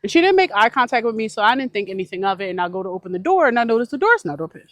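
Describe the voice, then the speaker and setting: A woman vlogger telling a story to her viewers in a casual, animated way, full of filler words. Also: on the high side, very fast, no echo. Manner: animated, chatty, many filler likes. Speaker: van life vlogger.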